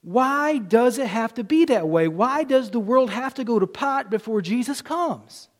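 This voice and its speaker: A man with a Southern US accent preaching a sermon as pastor, swinging from loud declarations to hushed asides. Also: very high voice, animated, unhurried.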